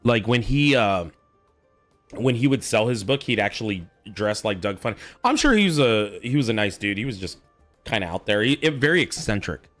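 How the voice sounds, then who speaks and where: Laid-back, low-voiced man streamer. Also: animated, moderate pace, a bit bright, no echo, faint music behind. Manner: laid-back, casually profane, reacts aloud to the game. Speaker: streamer host. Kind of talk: casual chat while gaming.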